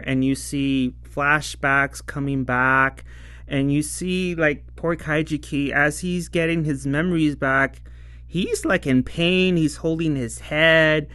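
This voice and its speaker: A man's voice: fairly high pitch, slow pace, sharp tone, clean tone, dry recording. A man casually reviewing a TV episode, rambling and laughing often as he acts out the lines. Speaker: show reviewer.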